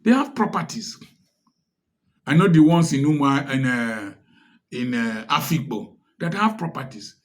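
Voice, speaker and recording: A man's voice: medium pitch, lively intonation, a little slow. A man with a Nigerian English accent giving impassioned commentary, firing off rhetorical questions in a preachy tone. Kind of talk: direct-to-camera social commentary.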